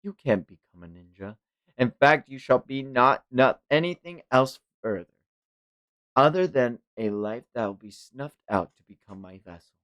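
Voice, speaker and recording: A man reads out an arrogant ancient villain god, all contempt and command, for a comic read-along. His pitch swings widely, and the tone is bright and hard. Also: lively intonation, moderate pace, dull audio, close to an everyday voice. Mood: cold menace.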